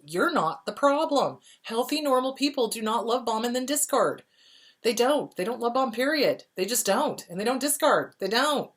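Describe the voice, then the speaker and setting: A woman hosting a question-and-answer show as a therapist, speaking at a middle pitch. She is blunt and emphatic, hammers her points home by repeating them, and talks to the listener in a familiar way, even calling them honey. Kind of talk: answering viewer questions, casual advice.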